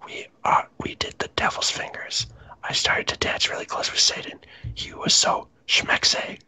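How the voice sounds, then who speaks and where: A man doing a comedic, mock-dramatic reading of fan fiction, reading the punctuation aloud in a breathy half-whisper. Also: moderate pace, bright, forceful tone. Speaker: reader.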